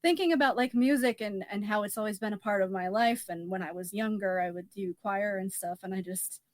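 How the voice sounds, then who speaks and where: Woman poet, podcast guest, mid-pitched, dry close sound, hesitant with ums. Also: fairly quick, darkish tone, dry recording. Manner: hesitant, full of ums, laughs often. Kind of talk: casual podcast chat.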